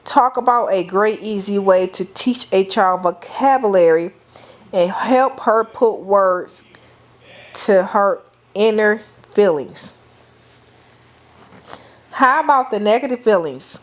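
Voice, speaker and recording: A middle-aged woman giving a lecture, speaking deliberately, calling on the class and often repeating or restarting phrases. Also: mid-range voice, lively intonation.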